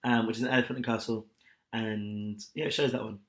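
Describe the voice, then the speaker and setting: A young man co-hosting a casual podcast chat, blunt and scathing and quick to laugh. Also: fairly low pitch, steady tone, a bit bright. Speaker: podcast co-host. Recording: echoey room.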